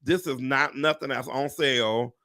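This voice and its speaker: On a live stream, a real estate agent talks casually and excitedly to "y'all," dropping swear words along the way. His medium-pitched voice keeps a moderate pace.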